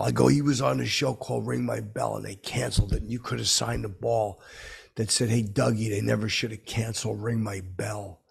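A man's voice: lowish voice, fairly even intonation, fairly quick, creaky, breathy edge. A man hosting a comedy podcast, telling a rambling, boastful story as a clueless character.

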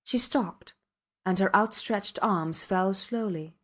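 A woman's voice: medium pitch, takes it slowly. Woman reading a classic novel aloud. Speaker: audiobook narrator. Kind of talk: scripted narration.

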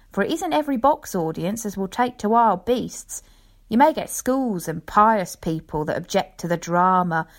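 In a mid-range voice, a woman plays an old male lion tamer spinning a rambling, folksy tale. She takes her time, like someone reading from a storybook.

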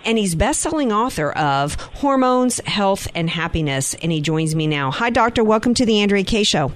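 A woman from the American South hosting a radio talk show, brisk, chatty and opinionated. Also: medium pitch, animated. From North Carolina and New Orleans area.

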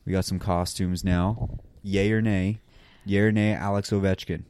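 Deep-voiced man hosting a joking podcast. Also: level tone, moderate pace, darkish tone, clear, resonant tone. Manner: joking and playful, hypes the segment. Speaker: podcast co-host. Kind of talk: casual chat.

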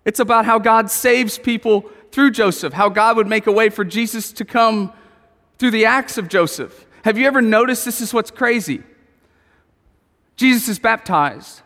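Male pastor, lively storytelling sermon, high-pitched voice, recorded in a large reverberant hall. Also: moderate pace. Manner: animated, asks the room questions, tells family stories.

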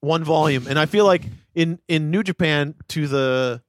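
A man's voice: on the high side, moderate pace, dry recording, clean studio sound. A man co-hosting a casual podcast chat who gives emphatic, opinionated takes and swears casually. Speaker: podcast co-host.

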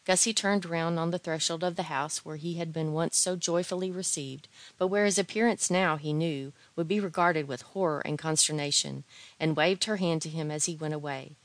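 A woman narrating a novel with measured, gently wry storytelling. Her voice is low for a woman. The recording is dry and close to the mic. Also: steady tone, no room sound. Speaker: audiobook reader.

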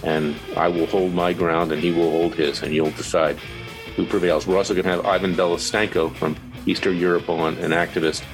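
A male talk radio host with a very low voice delivers a heated, opinionated monologue. He talks in a combative, emphatic way and pushes each point hard. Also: little pitch movement, fairly quick, over music, rough recording.

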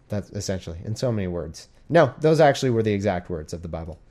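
A man's voice: lowish voice, big pitch swings, quick pace, few pauses, mellow. A man casually reading scripture aloud and commenting in a rambling, irreverent way, often swearing and stumbling over names. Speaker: reader and commentator.

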